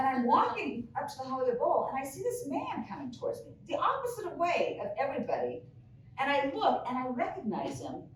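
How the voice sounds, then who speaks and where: A woman in her fifties telling a comedic story live on a pub stage, animated with loud exclamations. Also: high voice. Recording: echoey pub room, mic far off.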